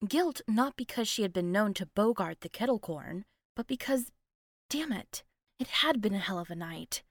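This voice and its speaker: A woman reading a novel aloud as narrator, in an expressive storytelling manner. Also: medium pitch, normal speed. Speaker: audiobook narrator. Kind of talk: scripted narration.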